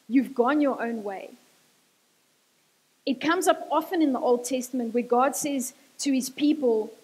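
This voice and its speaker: A woman's voice: high voice, darkish tone, slightly rough. A woman preaching a sermon, earnest and repeating key lines for emphasis. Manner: earnest, repetitive emphasis, switches into Afrikaans. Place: church hall. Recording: church hall with long reverb.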